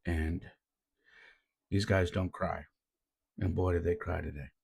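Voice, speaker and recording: Deep gravelly-voiced man, laid-back. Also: fairly even intonation, unhurried, a little mellow. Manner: laid-back, says "man" often, earnest. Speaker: youth baseball coach and podcast host. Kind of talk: casual reflective storytelling.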